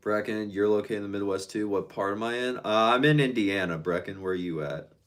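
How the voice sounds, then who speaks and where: A man's voice: fairly low pitch, fairly quick. A man casually chatting on a live stream, reading out viewer comments and answering them in a laid-back, slangy way.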